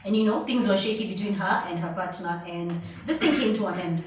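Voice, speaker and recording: A woman's voice: mid-range voice, brisk, a little hiss or hum. A woman hosting a podcast, telling a long story in a casual, chatty way with quoted dialogue. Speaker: podcast host. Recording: echoey room, mic at a distance.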